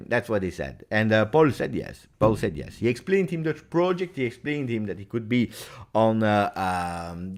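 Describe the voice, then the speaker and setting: A man hosting a livestream Q&A, chatty and animated, talking straight to his viewers. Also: medium pitch. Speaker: football fan channel host. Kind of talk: livestream Q&A chat.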